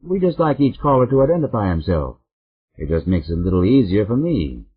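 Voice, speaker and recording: A man's voice: on the low side, big pitch swings, brisk, husky. A man voicing a confident mayor answering callers on television in a businesslike way. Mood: genial. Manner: businesslike, genial. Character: confident middle-aged male mayor on TV. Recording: narrow phone-like audiobook sound.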